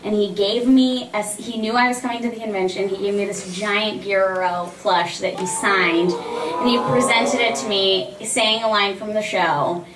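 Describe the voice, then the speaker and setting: A woman's voice: medium pitch, unhurried. A woman voice actress answering audience questions on a convention panel, animatedly acting out stories and laughing often. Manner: animated storyteller who acts out quoted exchanges and laughs often. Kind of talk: casual audience Q&A. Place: large convention panel room. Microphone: filmed from the audience by a distant camera. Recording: echoey hall recorded from far off with faint hum.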